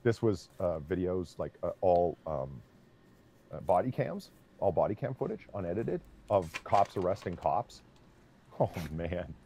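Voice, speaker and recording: A man streaming a game, chatting casually and telling an animated story, swearing freely. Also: low voice, a little slow, a little hiss or hum. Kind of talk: casual chat while gaming.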